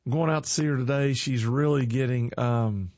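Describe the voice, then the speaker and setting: A middle-aged man with a drawl chats casually and tells corny jokes, chuckling at them himself. His voice sits at an ordinary pitch and has a folksy, earnest manner. The recording is dry and a little dull. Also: normal speed, darkish tone, dry recording. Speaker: online show host.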